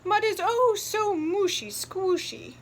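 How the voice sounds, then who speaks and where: A woman's voice: very high voice, slow, slight background noise, pitched above the performer's own voice. A woman voicing a fussing mother pig in a picture book, with an exasperated manner.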